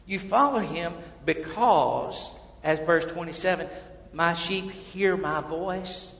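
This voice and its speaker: A man preaching a sermon in an unhurried, measured way, with a gravelly edge to a fairly high voice. He drops into hushed asides, then swells into emphatic, rising lines. The sound is roomy with a long hall echo and a slightly dull tone. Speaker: pastor.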